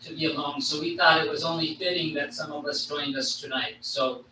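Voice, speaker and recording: A man's voice: a little high, steady tone, brisk, pushed and bright. A man serving as temple president gives closing thanks at an event, rambling and repeating little connecting words. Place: large temple hall. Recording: echoey hall from far off, noisy.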